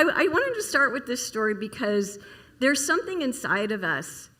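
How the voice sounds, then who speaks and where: Bright-voiced woman giving a chatty sermon. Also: medium pitch. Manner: chatty, storytelling, asks the audience questions. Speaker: minister. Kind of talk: casual sermon to a congregation. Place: church service hall.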